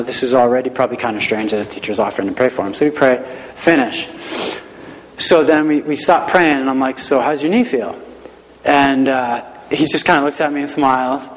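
A man with a mid-range voice tells a personal story in an earnest, self-deprecating, conversational way. He speaks as a schoolteacher sharing a testimony. His voice carries the long reverb of a large hall. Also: medium pitch.

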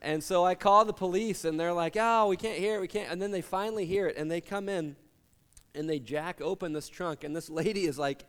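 High-voiced preacher telling stories in a reverberant hall. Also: male voice, brisk, fairly bright tone, smooth. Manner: storytelling with humor, acts out quoted voices. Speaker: pastor. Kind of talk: sermon.

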